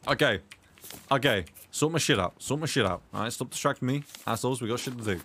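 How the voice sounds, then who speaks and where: A young British man streams a survival game in casual gameplay chat, reading chat aloud, blurting reactions and cursing often at what happens on screen. His medium-pitched voice is lively, fairly quick and sharp, with slight background noise.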